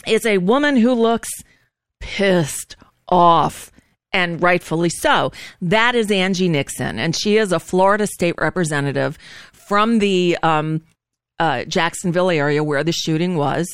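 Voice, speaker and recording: Woman, live-stream host, casual commentary, smooth voice, dry close sound. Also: fairly low pitch, a little slow, no echo. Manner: chatty, describing the screen with fillers and asides.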